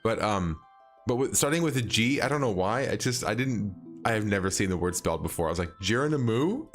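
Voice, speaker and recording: A lowish-voiced man chats his way through a game stream, stopping and restarting his sentences and padding them with fillers. He chuckles often as he talks with his viewers, while faint game music plays behind him. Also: fast talker. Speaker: livestreaming game player. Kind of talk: casual gameplay chat with viewers.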